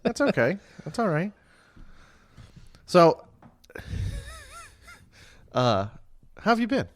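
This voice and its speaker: A man's voice: sits high, takes it slowly. A tired man telling stories in a casual podcast chat, laughing often. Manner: laughs a lot, animated storytelling. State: tired after a night shift. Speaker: podcast co-host.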